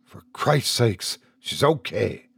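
A man voicing a weary, ill adult father who speaks softly and tenderly at times and shouts in anguish at others. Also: medium pitch, very animated, slow, creaky, husky, dry recording, exaggerated voice. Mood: pleading.

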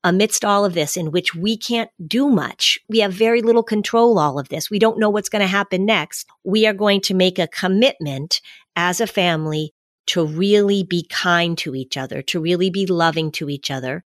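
A woman speaking as an expert guest on a podcast, giving measured advice and repeating key phrases to explain them. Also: lowish voice, no echo, studio quality.

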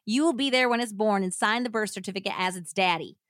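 A woman voicing a spiteful, vengeful woman who taunts and threatens loudly, as part of a true crime reading. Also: mid-range voice, fast, no echo, studio quality, lightly acted. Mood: cold demands. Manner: taunting, raises voice.

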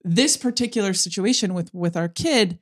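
A woman's voice: mid-range voice, normal speed. A woman co-hosting a podcast who talks openly and emotionally, swearing freely in a candid conversation. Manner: open and emotional, with heavy swearing. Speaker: podcast co-host.

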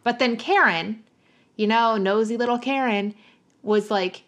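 A woman's voice: fairly high pitch, unhurried. A woman co-hosting a podcast, casually walking through an episode's plot step by step with "so" and "like" as fillers. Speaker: podcast co-host. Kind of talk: casual chat recapping a TV episode.

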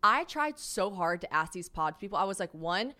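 Woman podcaster telling a story, lively, swears a lot, small apartment. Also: mid-range voice, brisk. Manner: animated, swears freely, self-deprecating. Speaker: podcast host. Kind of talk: casual storytelling.

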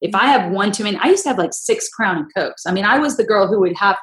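Lady host telling stories, acts out voices, mid pitch, roomy sound. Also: fast. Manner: animated storyteller, acts out quotes. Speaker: podcast host. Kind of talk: casual chat.

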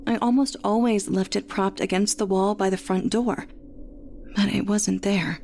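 A woman reading a first-person horror story aloud in a measured, tense way. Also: medium pitch, fairly even intonation, vocal fry, a little mellow, a little hiss or hum. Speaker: narrator.

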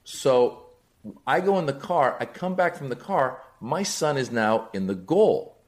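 A middle-aged comedian on a podcast, mid-pitched, telling lively stories. He acts out the voices of the people in them and climbs into excited, emphatic bursts. He has the easy rhythm of a stand-up who is used to holding a room. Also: unhurried. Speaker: comedian guest. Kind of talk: comic storytelling on a podcast.

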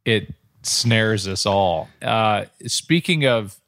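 A man's voice: on the low side, expressive, very slow, a bit bright, no echo. A middle-aged man, a podcast host and sports broadcaster, telling long, rambling anecdotes in casual chat.

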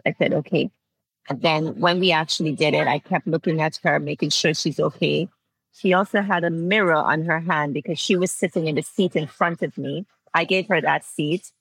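A woman's voice: deep voice, fairly bright tone, breathy edge, poor audio. A woman in her forties with an Antiguan accent, speaking as an interview guest and telling her story with feeling and frequent laughter. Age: 40s. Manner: heartfelt storytelling, laughs often. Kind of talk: interview conversation.

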